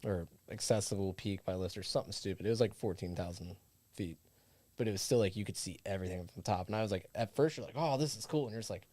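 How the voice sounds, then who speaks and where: A young man, a podcast co-host, musing in a relaxed, drawn-out way in casual chat. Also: sits low, no echo.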